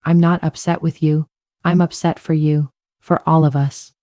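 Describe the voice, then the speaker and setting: Gentle weary father, read by a woman. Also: deep voice, level tone, moderate pace, no room sound, clean studio sound, natural voice. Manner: gentle, heavy-voiced.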